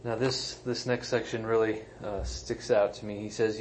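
A man's voice: lowish voice, level tone, normal speed, hardly any pauses, a little hiss or hum, rough recording. A man, a pastor, preaching a sermon in a conversational, emphatic way with self-deprecating asides. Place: church sanctuary.

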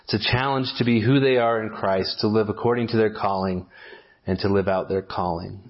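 A man preaching an expository sermon at a measured pace, often restarting with fillers as he explains a passage. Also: on the low side, steady tone, dull audio. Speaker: pastor.

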